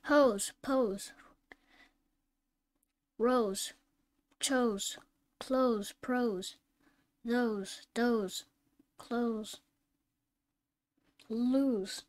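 Slow, high-voiced woman reading phonics words. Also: a little mellow. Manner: reads each word slowly and distinctly, self-corrects. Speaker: phonics teacher. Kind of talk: slow word-list reading lesson.

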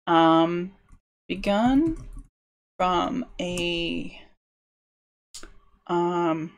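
A woman's voice: lowish voice, extremely slow, dull audio. A woman live-streaming as she builds a tabletop game world, musing aloud in a rambling, self-interrupting way. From United Kingdom. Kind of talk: casual thinking-aloud livestream.

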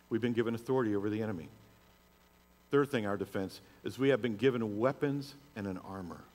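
A man's voice: mid-range voice, brisk, a little mellow, husky. Middle-aged male pastor, storytelling sermon voice, reverberant church hall. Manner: storytelling, rising to emphatic preaching. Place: church sanctuary.

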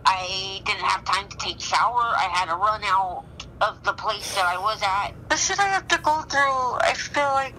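Scattered, bright-voiced young woman on phone. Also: medium pitch, normal speed, slight background noise, poor audio. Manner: scattered, swearing, apologetic. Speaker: caller. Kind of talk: rambling phone call.

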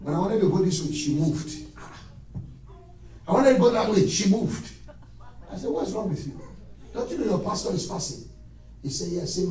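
Man preaching, high lively voice, shouts and low asides, echoey church hall, faint music. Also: normal speed, long pauses, far from the mic. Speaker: pastor. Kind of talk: sermon.

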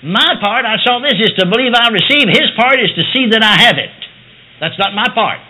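A man preaching a sermon testimony, animated, moving between quiet asides and loud declarations. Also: very high-pitched, a little fast, poor audio. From United States.

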